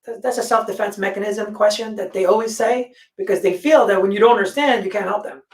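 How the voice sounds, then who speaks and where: A woman's voice: medium pitch, fast talker. A woman in a casual discussion, telling stories bluntly and swearing freely. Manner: blunt, profane, animated storytelling. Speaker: panel guest. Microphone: video call. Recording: echoey room, distant mic.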